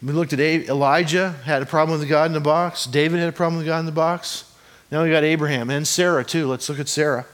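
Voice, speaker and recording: A man preaching in a somewhat high voice, chatty and playful rather than solemn. He keeps throwing rhetorical questions at the congregation and cracking small jokes as he teaches. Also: steady tone, quick pace. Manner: conversational, joking, asks the congregation rhetorical questions. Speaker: pastor. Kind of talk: sermon. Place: church hall before a congregation.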